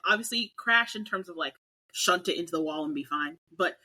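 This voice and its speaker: A woman's voice: medium pitch, steady tone, fast, bright, forceful tone, rough recording. A young adult woman co-hosting a casual podcast chat, ranting animatedly with mock outrage. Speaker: podcast co-host.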